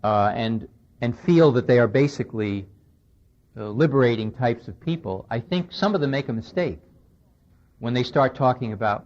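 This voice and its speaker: The man's voice is medium-pitched, expressive and a little mellow, at a moderate pace. In a conversational lecture on a dull, lo-fi 1990s radio recording, he retells a conversation and speaks with emphasis.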